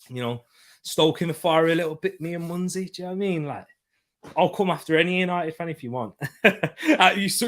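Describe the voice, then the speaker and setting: A young man hosting a live football watchalong, chatting casually with lots of slang and shout-outs as he reads viewer comments. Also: fairly high pitch. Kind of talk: live-stream chat, reading viewer comments.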